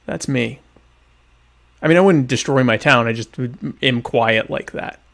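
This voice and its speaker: Deadpan guy rambling thru listener questions while he eats, gravelly voice, lots of restarts. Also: medium pitch, unhurried. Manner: talks while eating dinner. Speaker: podcast host. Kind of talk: casual solo chat answering listener questions.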